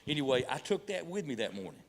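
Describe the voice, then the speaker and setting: A man's voice: mid-range voice, big pitch swings, quick pace, slight background noise. A middle-aged man, a pastor telling folksy hunting stories with humor and preaching, full of repeats and restarts. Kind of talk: folksy sermon storytelling. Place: church hall event. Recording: long hall reverb from a church PA.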